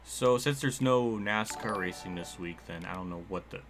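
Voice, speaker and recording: A young man casually talking through a racing game livestream, excitable, laughing often and quick to swear. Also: sits low, over music.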